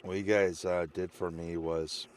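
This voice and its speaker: A man's voice: low-pitched, flat delivery, measured pace, a little mellow, slight background noise. A man streamer wrapping up a live stream, rambling and heartfelt, getting emotional as he thanks his viewers. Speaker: game streamer. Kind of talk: casual stream sign-off chat.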